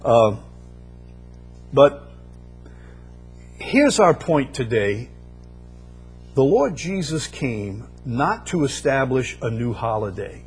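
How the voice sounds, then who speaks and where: A man's voice: mid-range voice, big pitch swings, slow, long pauses. Emphatic preacher man, faint music. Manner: emphatic preaching with repeated phrases and rising bursts. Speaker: pastor. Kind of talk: sermon.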